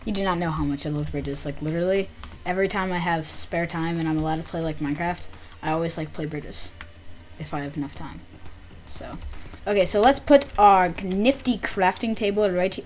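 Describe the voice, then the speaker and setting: A woman hosting a gaming channel, giving casual, excitable game commentary packed with fillers. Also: fairly low pitch, moderate pace. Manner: chatty, excitable, lots of "like" fillers.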